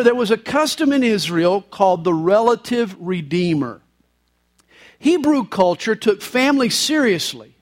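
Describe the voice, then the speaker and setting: Punning pastor with a high voice. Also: male voice. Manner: folksy punning humor. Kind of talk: sermon. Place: church service, live.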